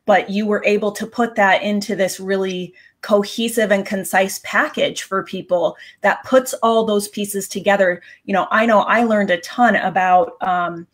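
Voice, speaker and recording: A woman hosting a live video Q&A, chatting enthusiastically and reading out viewer questions. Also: medium pitch. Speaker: host.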